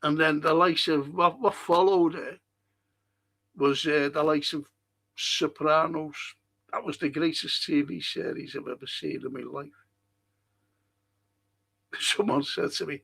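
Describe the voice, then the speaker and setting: A man's voice: fairly high pitch, fairly even intonation, unhurried, creaky, pauses often, a bit bright, breathy edge, dry recording. A man hosting a football fan live stream, rambling casually and swearing now and then as he reads out and answers viewer comments. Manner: rambling and chatty, wanders off topic.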